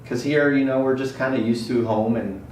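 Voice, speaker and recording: A man who works as a service technician, chatting in a relaxed way on a podcast and letting his sentences trail off. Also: mid-range voice, brisk, distant mic. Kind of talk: casual interview chat. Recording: echoey room, off-mic, faint noise.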